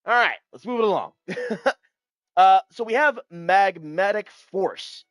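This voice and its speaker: A male streamer talks straight to his chat, hyped and swearing freely, his pitch leaping up and crashing down as he riffs. The sound is close and dry with no room around it. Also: measured pace, no echo. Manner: animated, hyped and profane, talking to chat. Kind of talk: casual card-game commentary.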